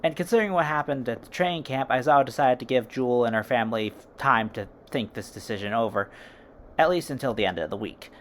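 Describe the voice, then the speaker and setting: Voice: mid-range voice, quick pace. A fan storyteller narrating casually, with informal chatty asides to listeners.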